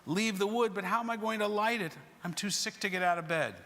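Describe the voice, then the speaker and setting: A man's voice: sits high, a little fast, bright, forceful tone, voice pushed up. A man doing a frail, complaining old woman. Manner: weak, complaining. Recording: reverberant sanctuary recording.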